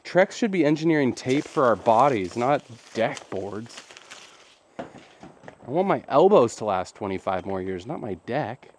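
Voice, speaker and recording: A man's voice: mid-range voice, a little hiss or hum. Joking man chatting while building. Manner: joking, rambling, animated. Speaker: DIY cabin builder. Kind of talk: casual building vlog. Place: outdoors at a building site.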